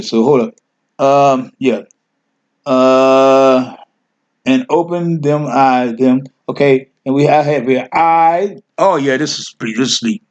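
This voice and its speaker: A man's voice: medium pitch, a little mellow, dull audio. A man teaching a Hebrew word lesson, thinking aloud as he clicks through his screen, correcting himself and coaxing his listeners along. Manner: addresses listeners as family. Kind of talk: informal screen-share lesson.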